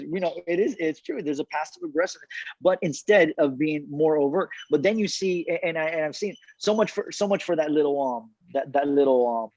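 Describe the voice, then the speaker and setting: Animated man talking from his car. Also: a little high, no echo. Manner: animated, repeats words, laughs often. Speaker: cigar brand founder, guest. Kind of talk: casual interview chat. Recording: dull dry remote call audio.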